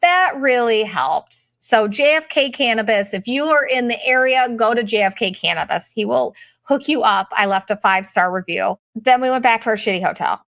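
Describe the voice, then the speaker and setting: A woman's voice: on the high side, a bit bright, dry recording. A middle-aged woman telling a travel story in a casual, profane, exasperated and sarcastic way. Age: late 30s to 40s. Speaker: vlogger.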